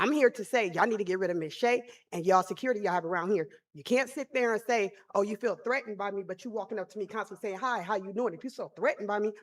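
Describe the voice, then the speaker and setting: A woman speaking at public comment during a school board meeting, her delivery heated and blunt. She talks as a parent, pressing each point with emphasis. Her voice sits a little on the high side.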